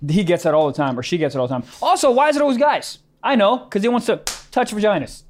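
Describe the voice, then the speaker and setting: High-voiced man cracking crude jokes. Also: very animated, fast talker. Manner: crude, joking, riffing on absurd images. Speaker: podcast co-host. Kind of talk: casual podcast banter.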